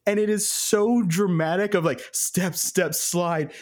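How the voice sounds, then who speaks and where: Slow-talking man podcast co-host. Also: high-pitched, steady tone. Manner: slow, laughs often while telling stories. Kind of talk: casual chat.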